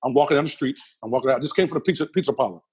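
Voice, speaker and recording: A man's voice: medium pitch, rapid-fire, a little mellow, husky. A middle-aged man, a guest in a casual interview, telling vivid stories full of repeated phrases and acted-out voices. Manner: vivid, repeats phrases, acts out the people in his story. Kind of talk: animated storytelling in a casual interview.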